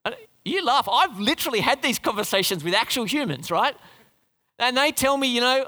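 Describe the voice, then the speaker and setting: A man preaching with a high, lively voice that swings freely up and down. His tone is bright and forceful. The long reverb of a church hall trails behind his words. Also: moderate pace. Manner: animated, conversational preaching with audience questions. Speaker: pastor. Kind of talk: sermon.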